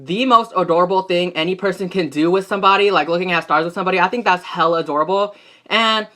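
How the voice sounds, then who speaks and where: This casual vlog features a young adult recapping a soap opera episode in a sharp, medium-pitched voice. They gossip, swear, use plenty of slang and talk back at the characters on screen.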